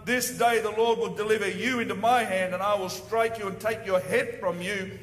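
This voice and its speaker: A man's voice: sits high, fairly even intonation, normal speed, fairly bright tone, slight background noise. A man preaching a fervent, exhorting sermon in a church hall. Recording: echoey hall with long reverb.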